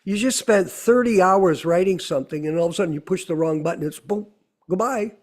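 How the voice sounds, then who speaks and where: A man's voice: high-pitched, brisk, a little mellow. A middle-aged man giving a conversational sermon, full of rhetorical questions. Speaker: temple speaker.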